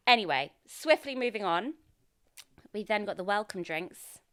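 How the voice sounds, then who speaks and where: A woman's voice: mid-range voice, expressive, moderate pace, a bit bright. A woman co-hosting a podcast, chatting casually and rambling as she recaps a TV episode, often correcting herself. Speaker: podcast co-host.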